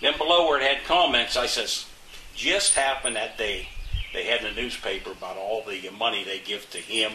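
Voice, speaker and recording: An older man tells his stories in a folksy, indignant way, looping back over his words. His voice is bright and sharp. It was recorded in an echoey room with a faint hum behind it. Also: fairly low pitch, moderate pace, distant mic. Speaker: interviewee, local resident. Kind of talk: casual storytelling interview.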